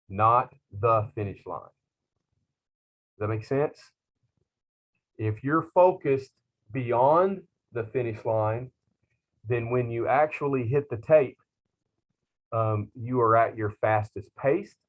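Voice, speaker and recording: A middle-aged man, a culinary instructor talking to his class in a slow, rambling, self-teasing way with many fillers. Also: lowish voice. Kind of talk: class talk to students.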